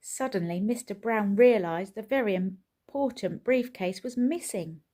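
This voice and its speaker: Reading a children's picture book aloud, a woman with a medium-pitched voice tells the story slowly and expressively.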